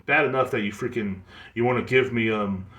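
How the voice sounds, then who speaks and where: Fast-ranting profane podcast host man. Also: lowish voice, fairly bright tone, reverberant. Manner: profane, exasperated, mimics others in quick asides. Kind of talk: solo comedic rant.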